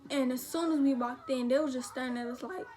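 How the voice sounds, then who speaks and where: High-voiced young woman telling a rambling story. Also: fast talker, mellow. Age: teens. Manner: rambling, slangy, frequent "like" and quoted dialogue. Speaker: vlogger. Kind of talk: storytime, casual retelling.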